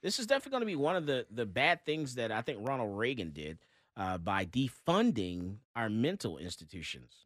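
Male talk host, lively pitch, blunt storyteller. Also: brisk, dry recording, studio quality. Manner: animated storytelling, blunt opinions. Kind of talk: casual talk radio chat.

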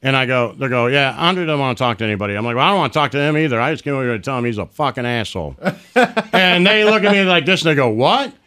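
Profane, animated male storyteller. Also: mid-range voice, fast, smooth. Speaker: podcast host. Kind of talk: casual storytelling chat.

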